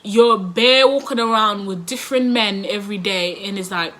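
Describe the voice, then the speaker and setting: A woman telling a story casually to camera, animated, often laughing and acting out what others said. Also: mid-range voice, normal speed. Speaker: vlogger.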